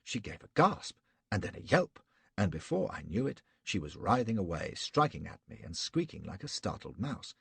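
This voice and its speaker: A man's voice: on the low side, big pitch swings, normal speed, gravelly, fairly bright tone, breathy edge, no room sound. A man narrating an audiobook in the first person, in a wry, sardonic storytelling manner.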